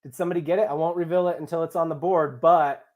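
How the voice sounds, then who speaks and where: The recording is muffled, and the young man's fairly high voice comes fast but steady in tone. He's the host of a live draft stream, casually reading viewer comments and joking with chat and co-hosts.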